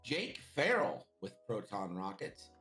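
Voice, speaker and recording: A man co-commentating a game stream, reading off list details in a steady rundown. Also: lowish voice, measured pace, roomy sound, soft background music.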